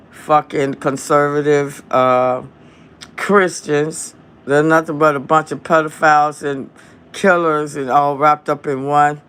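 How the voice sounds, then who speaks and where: A man hosting a live stream from home, talking in a heated, profane, drawn-out rant into his phone. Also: fairly high pitch, a bit bright, clean tone. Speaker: livestream host.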